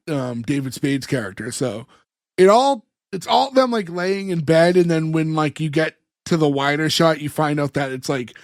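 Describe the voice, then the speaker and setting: Male podcast co-host, rambling casual recapper, slightly high voice, dry mic. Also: no echo. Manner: rambling, laughs often, many fillers. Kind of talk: casual chat recapping a sitcom episode.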